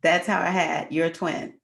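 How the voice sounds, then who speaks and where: Middle-aged female host, low gravelly voice, casual, talks to her viewers as y'all. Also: level tone, takes it slowly. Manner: chatty, addresses viewers as y'all. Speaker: astrology livestream host. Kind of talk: casual storytelling livestream.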